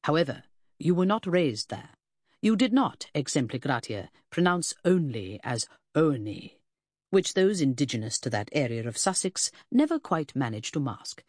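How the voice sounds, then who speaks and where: A pompous Victorian gentleman detective lectures with fussy precision, as the audiobook reader performs him. The voice is a little husky and lively in pitch, recorded close and dry. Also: normal speed, dry recording. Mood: pedantic.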